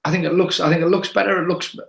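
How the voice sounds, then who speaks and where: A man's voice: high voice, fairly even intonation, very fast, creaky, echoey room, poor audio. A man, rambling and hesitant in casual chat as a podcast co-host. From England.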